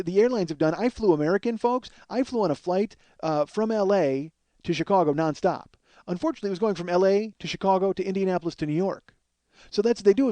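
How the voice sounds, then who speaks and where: A man's voice: sits high, dark tone, dry recording. A man hosting a podcast, telling a long comic story in a profane, ranting, self-mocking way. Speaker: podcast host. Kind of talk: solo comedic storytelling monologue.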